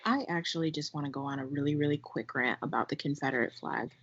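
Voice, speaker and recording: A woman co-hosts a podcast, making her points in an emphatic, deliberate rant. Her voice is very low for a woman. The sound is dull and lo-fi. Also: fairly bright tone, husky. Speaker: podcast co-host. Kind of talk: casual podcast chat.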